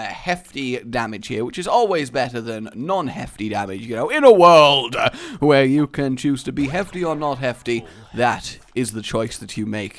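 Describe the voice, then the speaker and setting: Lively, joking male game commentator. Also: fairly high pitch. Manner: rambling, jokey and animated, swears often. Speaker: gaming video host. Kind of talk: casual gameplay commentary.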